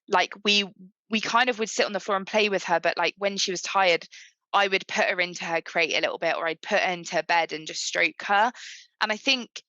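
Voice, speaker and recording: A woman's voice: mid-range voice, bright, forceful tone, no echo, highs cut off. A young woman in her twenties, a guest on a podcast, chatting casually about her puppy and often saying "like". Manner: chatty, frequent "like" fillers. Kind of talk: podcast interview.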